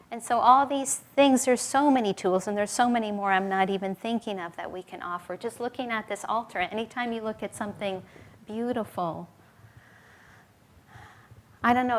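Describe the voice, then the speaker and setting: Woman, middle-aged, spiritual teacher. Gentle, earnest devotional storytelling. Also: medium pitch.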